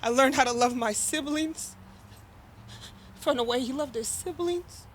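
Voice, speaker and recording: A woman's voice: high-pitched, measured pace, a little hiss or hum. Woman giving a heartfelt eulogy. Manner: casual, heartfelt, chatty with the crowd. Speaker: eulogy speaker, daughter of the deceased. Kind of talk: emotional memorial speech. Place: memorial gathering.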